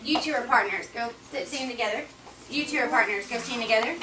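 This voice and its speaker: A woman's voice: fairly high pitch, fast talker. A woman teacher with a Southern American accent, drilling a class of children with upbeat, encouraging questions. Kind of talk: classroom quiz lesson for children. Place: busy school room full of children. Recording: roomy and distant, loud children and noise.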